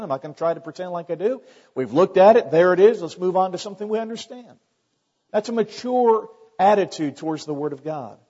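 A middle-aged man preaches a sermon in an easygoing, folksy manner, speaking to his congregation like he's chatting with friends. His voice sits a touch high and has a slightly husky edge. The recording is muffled and carries a long church reverb. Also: darkish tone. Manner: conversational preaching with folksy asides. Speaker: pastor. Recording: dull sound with long reverb.

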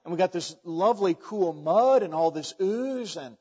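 Preacher putting on a little pig, homely, a bit hushed, muffled hall sound. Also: male voice, sits high, animated, moderate pace, slightly rough. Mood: puzzled. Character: little pig, content in the mud. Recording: dull, echoey hall recording.

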